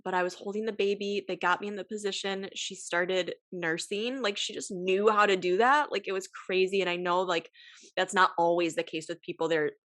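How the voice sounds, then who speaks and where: A woman's voice: mid-range voice, fairly even intonation, moderate pace, fairly bright tone, no echo. A young woman hosting a podcast, telling a personal story in a casual, emotional way, with many sighs and fillers, at times close to tears. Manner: emotional, sighing, filler-heavy. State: tearful. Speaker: podcast host.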